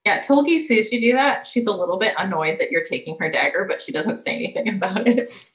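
A woman game master narrating a tabletop game in a loose, casual way. Her pitch is middling, and she laughs easily as she describes the scene. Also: lively intonation, fairly quick, fairly bright tone, low-quality recording.

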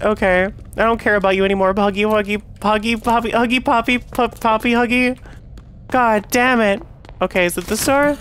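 Young woman game streamer, chatty, quick to curse; light hiss in the background. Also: high voice. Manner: chatty, swears and yells when frustrated. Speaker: VTuber streamer. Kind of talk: casual gameplay commentary.

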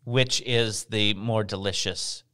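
A man co-hosting a casual chat, explaining food history in a relaxed, wry storytelling manner. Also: on the low side, slow, clear, resonant tone. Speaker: podcast co-host.

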